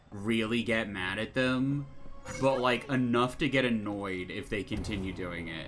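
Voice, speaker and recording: Rambling sarcastic young male gamer. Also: fairly low pitch. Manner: rambling, sarcastic, swears casually. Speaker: let's play gamer. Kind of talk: casual gameplay commentary.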